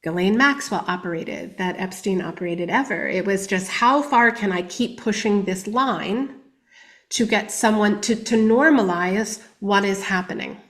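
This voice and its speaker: A woman giving candid personal testimony as a guest on a podcast interview, reflective and often speaking quietly. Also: medium pitch, measured pace.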